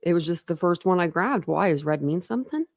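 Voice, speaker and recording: A woman's voice: on the low side, lively intonation, a little fast, dry recording, studio quality. A woman hosting a true crime livestream, chatting casually with viewers, rambling and laughing often.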